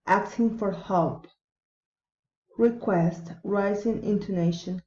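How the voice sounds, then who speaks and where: A woman reads English word pairs and practice sentences at an unhurried, careful pace, modeling each sound and intonation pattern. Her voice is soft and mellow. The recording is dull and lo-fi, in a roomy space with echo. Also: mid-range voice. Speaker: English pronunciation teacher. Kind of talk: slow read-aloud pronunciation drill.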